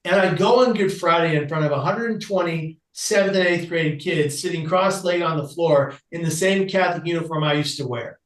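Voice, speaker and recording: Animated man telling a story, roomy sound. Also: a little high, fairly quick, hardly any pauses, far from the mic. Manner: animated storyteller, acts out quoted people. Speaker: guest. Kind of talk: storytelling in a podcast interview.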